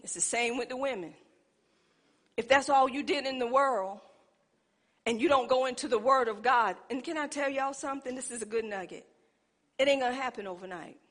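A woman preaches with emphatic call-and-response in a church. Her voice sits very high and sounds bright and forceful. A long reverb from the church hall trails behind her words. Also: normal speed. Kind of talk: sermon. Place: church sanctuary.

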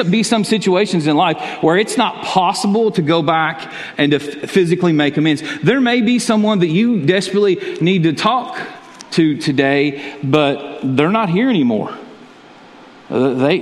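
A man preaching a sermon as pastor, talking in a conversational way, often repeating words and chuckling. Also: fairly high pitch. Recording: long reverb of a large hall.

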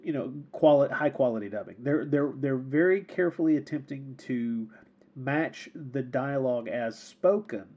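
A man's voice: mid-range voice, moderate pace, highs cut off. A man co-hosting a podcast, talking casually about films in a rambling way, with many repeated words and frequent laughs. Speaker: podcast co-host. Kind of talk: casual film discussion.

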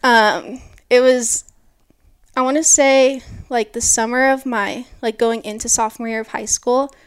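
High-voiced young woman telling a story. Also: unhurried, clear, resonant tone. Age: early 20s. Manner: animated, lots of "like", acts out quotes. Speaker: mountain bike racer guest. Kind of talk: casual interview storytelling.

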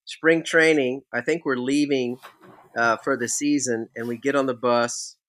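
A man's voice: medium pitch, steady tone, measured pace, fairly bright tone. Easygoing man hosting a chat. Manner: easygoing storyteller, playful prankster tone. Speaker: podcast host, former ballplayer. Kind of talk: casual interview chat.

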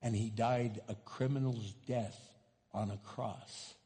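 Impassioned slow-preaching man in a reverberant hall. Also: fairly even intonation. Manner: impassioned preaching, rising to loud high cries. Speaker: pastor. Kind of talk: sermon.

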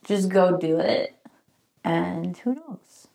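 A woman's voice: on the low side, slow pace, creaky, warm tone, reverberant. A woman co-hosting a podcast in casual chat, teasing and playful with her partner. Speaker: podcast co-host.

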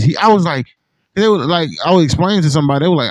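A man's voice: fairly high pitch, animated, fast, no echo, poor audio. A man hosting a podcast in casual chat, rambling and swearing with lots of "like". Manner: rambling, profane, heavy use of "like". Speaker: podcast host.

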